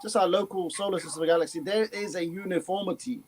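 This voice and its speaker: A man's voice: high voice, fast talker, very noisy. A man explaining an idea in a casual chat, with hesitant fillers and restarts. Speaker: guest speaker.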